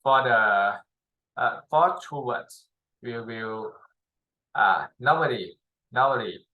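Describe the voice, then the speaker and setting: A man teaching a spoken language lesson in halting non-native English, with many pauses and fillers; his first language is Thai. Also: medium pitch, lively intonation, lo-fi sound. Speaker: language tutor.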